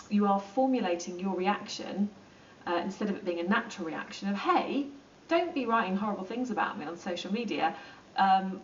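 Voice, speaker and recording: A woman explaining psychology in a relaxed, chatty lesson, with plenty of ums and acted-out asides. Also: medium pitch, a little hiss or hum. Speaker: psychology teacher. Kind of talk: informal lesson explaining to camera. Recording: roomy, distant and dull.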